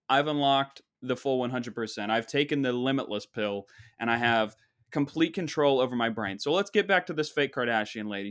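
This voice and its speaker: Male podcast host, comedic rambling storyteller, sarcastic and mock-boastful, mid-pitched voice. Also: a bit bright.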